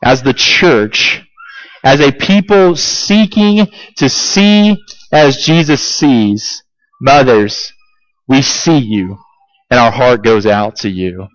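A man preaching a sermon as pastor, emphatic and deliberate, asking his congregation repeated rhetorical questions. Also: mid-range voice, no room sound, muffled recording.

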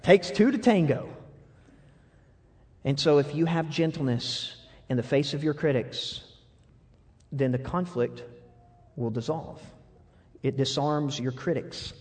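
A young adult man preaching a sermon, animated and laughing often, swinging between loud outbursts and soft asides. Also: a little high, takes it slowly, long pauses. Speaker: pastor.

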